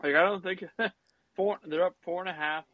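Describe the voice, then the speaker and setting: A man's voice: sits high, steady tone, moderate pace, no echo, narrow, tinny audio. A man co-hosting a podcast, chatting casually and rambling with lots of restarts and fillers. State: has the hiccups. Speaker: podcast co-host. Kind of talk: casual sports chat.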